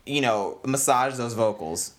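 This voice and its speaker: A man's voice: mid-range voice, expressive, unhurried, fairly bright tone, a little hiss or hum. A man co-hosting a podcast, bantering playfully in a casual chat. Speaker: podcast co-host.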